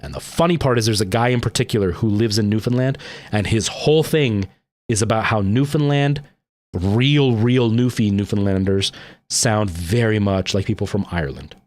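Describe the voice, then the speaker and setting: A Canadian man streams a game and chats loosely with his viewers. His voice sits a little low, and his talk meanders with many "like"s and "um"s. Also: normal speed, darkish tone. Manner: rambling, with frequent "like" and "um". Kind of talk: casual chat with live-stream viewers.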